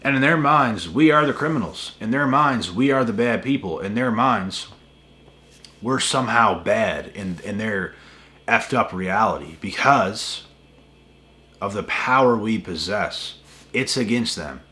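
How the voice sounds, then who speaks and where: Guy ranting to his viewers, lowish voice, keeps repeating himself and swears a ton. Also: animated, unhurried, bright, forceful tone. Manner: emphatic, repetitive and heavy on swearing. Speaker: spiritual channel host. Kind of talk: casual rant to camera.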